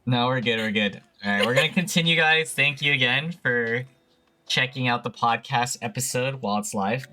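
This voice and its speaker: Bright-voiced male podcast host. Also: mid-range voice, normal speed. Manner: polite, steady, trying to stay professional. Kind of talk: live-streamed interview podcast.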